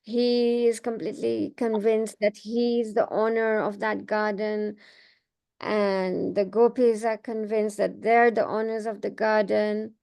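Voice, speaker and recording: A woman giving a devotional class, telling temple stories in a gentle, meandering way with frequent restarts. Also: medium pitch, flat delivery, slow pace, vocal fry, smooth. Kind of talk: informal devotional talk with slides.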